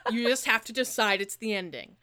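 A young woman co-hosting a podcast in animated, jokey casual chat, laughing often. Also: a little high, fairly quick. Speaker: podcast co-host.

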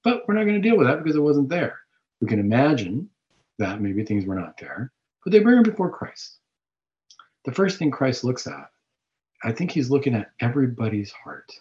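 A man hosts a Catholic talk show and reflects on scripture in a preaching style. He keeps asking rhetorical questions, and his voice swings widely in pitch. The recording sounds dull and lo-fi. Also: big pitch swings, moderate pace, a little mellow.

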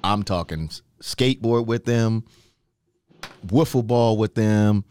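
A man from New York hosting a podcast, telling a story in a casual chat with lively, emphatic questions. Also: lowish voice, slow pace, smooth. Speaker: podcast host.

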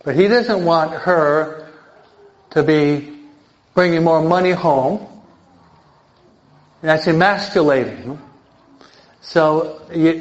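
An older man, a priest teaching an adult catechism class in a lively sermon style, emphatic and often checking in with his listeners. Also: on the high side. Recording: dull lo-fi recording.

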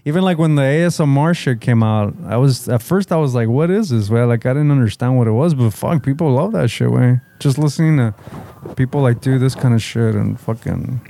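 A man's voice: mid-range voice, a little fast, creaky, mellow. A man, co-hosting a casual podcast chat, laid-back and profane, mixing Spanish slang into his English. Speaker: podcast co-host.

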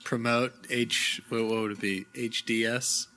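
A man co-hosts a relaxed podcast, speaking with a bright, forward tone at a middling pitch. He chimes in with short questions and quick, dry remarks between the others' stories. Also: rough recording. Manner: short quips and questions, laughs often. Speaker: podcast co-host. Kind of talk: casual podcast chat.

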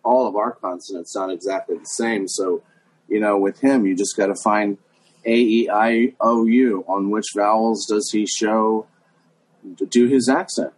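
A man's voice: lowish voice, fairly even intonation, measured pace, slightly rough, low-quality recording. A middle-aged man guesting on a chat show, talking in a hesitant, musing way with many fillers. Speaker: guest impressionist. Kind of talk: casual chat.

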